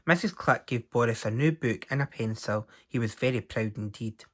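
A man reading a picture book aloud to children in an expressive storytelling voice. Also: medium pitch, moderate pace.

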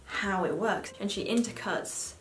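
A woman's voice: medium pitch, unhurried, a bit bright. A young woman in her twenties chatting casually as a book vlogger, swearing freely and filling her talk with "like". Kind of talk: casual chat. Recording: echoey room with faint music.

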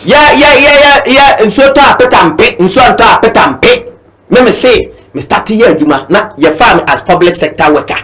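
A man's voice: sits high, animated, normal speed, fairly bright tone, echoey room. A man with a Ghanaian accent, speaking as a guest with fiery, declaiming political passion and switching between languages. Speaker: guest, party supporter. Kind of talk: impassioned political talk.

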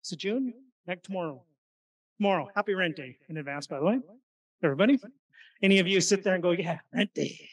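A man giving an energetic, conversational seminar talk on investing, often putting questions to the audience. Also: sits high, fast talker, long pauses, distant mic, rough recording. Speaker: real estate investing presenter. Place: meeting room at an investor event.

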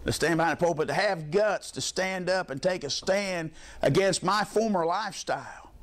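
A man's voice: high-pitched, normal speed. A middle-aged man preaching a sermon as pastor, telling folksy stories in plain colloquial speech and dropping frequent amens.

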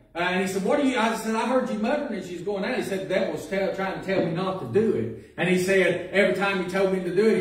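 Preacher, echoey church from afar. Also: male voice, sits high. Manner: folksy storytelling that builds to loud preaching. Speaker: pastor. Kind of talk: sermon. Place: church sanctuary. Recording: echoey church recording from a distance.

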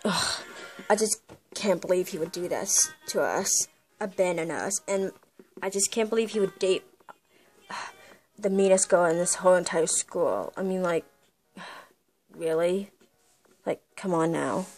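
A woman voicing a fan-made cartoon drama, speaking slowly with drawn-out sighs. Her tone is mellow and soft-edged, and her pitch sits in the middle. Faint music plays behind her. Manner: slow, sighing, dramatic. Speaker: fan voice actor.

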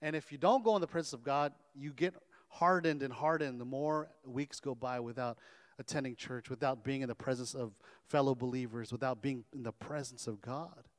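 A man preaching as pastor, animated, often calling on his congregation for an amen. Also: medium pitch, moderate pace, in a large hall. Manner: animated, call-and-response preaching. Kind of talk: sermon. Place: church sanctuary.

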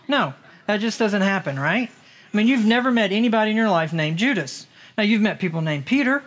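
Man, high voice, pastor, conversational sermon, rhetorical questions. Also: lively intonation, fast talker, a bit bright. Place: church in Las Vegas.

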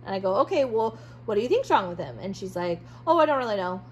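A woman's voice: medium pitch, very animated, quick pace, poor audio. Woman ranting storytime style, keeps doing the back and forth of who said what, faint hum behind. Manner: frustrated, quoting both sides of conversations. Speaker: dog owner telling a story. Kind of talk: casual storytime vlog.

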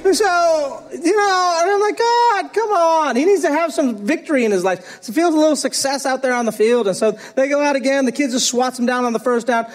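A middle-aged man preaching with a strikingly high-pitched voice. He tells his story animatedly and laughs along as he goes, in the manner of a pastor's sermon. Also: a little fast, few pauses, faint music behind.

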